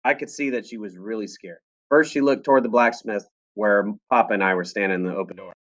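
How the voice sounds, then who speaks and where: A man's voice: on the low side, fast talker, highs cut off. A man reading a first-person novel aloud to a class in a classroom, telling the story expressively. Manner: expressive storytelling with lively voices.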